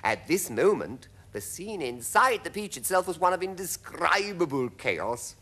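A man's voice: a little high, sing-song, a little slow, bright, forceful tone. A man with a British English accent reading a children's story aloud in a theatrical way, with dramatic swoops. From Britain. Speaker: reader. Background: music.

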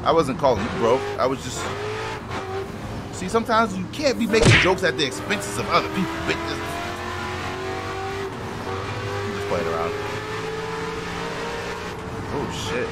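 A young man with a New York accent, casually commentating a racing game with loud, swearing outbursts and quick apologies. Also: fairly high pitch, big pitch swings, very noisy. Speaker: gaming YouTuber. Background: music and car engine sounds.

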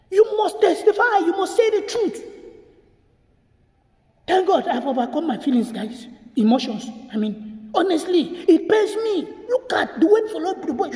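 A man's voice: very high-pitched, a little mellow, reverberant, big-room sound. A man talking to his viewers in an emotional video commentary, tearful and repeating himself as he appeals to them. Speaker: vlogger.

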